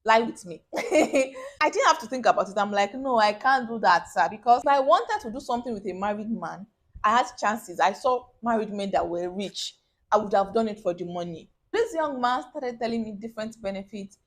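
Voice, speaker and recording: A young woman, telling a personal story to camera in a casual, animated way and acting out the people she quotes. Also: mid-range voice, moderate pace. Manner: animated, acts out quoted voices, bursts of laughter.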